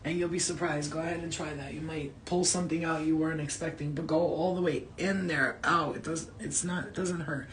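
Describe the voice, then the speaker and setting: A woman's voice: deep voice, steady tone, a little fast, few pauses, a little hiss or hum. A woman hosting a psychic live stream from home, rambling and blunt with frequent swearing, her throat dry. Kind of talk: casual live-stream reading.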